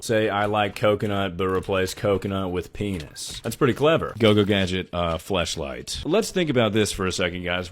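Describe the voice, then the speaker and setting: Man, fairly low voice, deadpan crude one-liner comic. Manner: deadpan, crude and irreverent humor. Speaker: comedy short-form creator. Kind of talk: casual joking one-liners.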